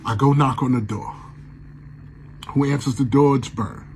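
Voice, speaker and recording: Man, casual storytelling, animated, middle pitch, faint background noise. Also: a little slow, rough recording. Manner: animated, acts out his own shouted lines. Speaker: guest telling a story. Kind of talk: casual storytelling on a radio show.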